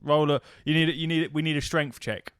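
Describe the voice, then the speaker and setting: A man in casual podcast chat who teases his co-host and swears freely. His voice is smooth and resonant. It is recorded dry and close. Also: a little high, steady tone, quick pace, a bit bright, dry recording.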